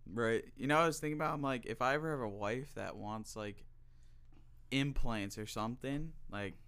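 A man's voice: medium pitch, normal speed, a bit bright, clear, resonant tone. A man co-hosting a casual chat who asks questions and laughs easily. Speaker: podcast co-host asking questions.

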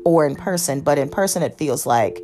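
A woman's voice: low-pitched, animated, normal speed, a little mellow, soft background music. A woman from the United States hosting a podcast, rambling casually through a TV review with many fillers and self-corrections. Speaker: podcast host.

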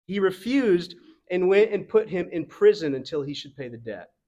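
Young male pastor, relaxed chatty sermon delivery, slightly high voice. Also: normal speed, muffled recording. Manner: casual, conversational preaching with fillers and laughs. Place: church.

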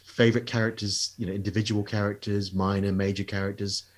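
A man hosting a podcast, asking measured questions in a casual interview chat. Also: fairly low pitch, flat delivery. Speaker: podcast host.

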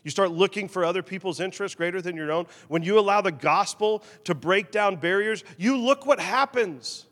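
A man preaching a sermon as pastor, animated, swinging between loud emphasis and quiet, confessional asides. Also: high-pitched, moderate pace, few pauses, long reverb tail.

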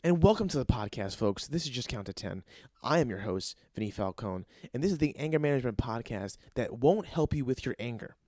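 A man's voice: medium pitch, fairly quick, no echo, studio quality. A young man hosting a comedy podcast, telling a story in a casual, profane and rambling way. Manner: excitable, profane, rambling with restarts. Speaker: podcast host and aspiring comedian.

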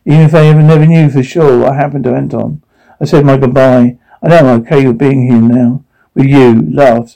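Gravelly man reading captions aloud. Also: mid-range voice, dark tone, poor audio. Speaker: caption reader. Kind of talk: reading subtitles and sound cues aloud.

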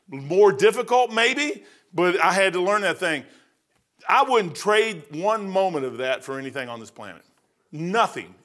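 A middle-aged male pastor preaching a sermon in a folksy storytelling way, acting out quotes loudly. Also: fairly high pitch.

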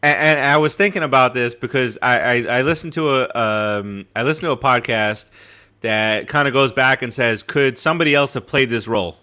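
A man's voice: medium pitch, fairly quick, sharp tone. A man co-hosting a casual podcast chat, rambling with lots of restarts and laughs. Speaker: podcast co-host.

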